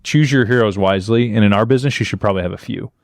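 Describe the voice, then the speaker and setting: A man's voice: fairly low pitch, no echo, studio quality. A man co-hosting a podcast in casual chat, sharing career experiences. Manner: quick, affirming listener. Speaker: podcast co-host.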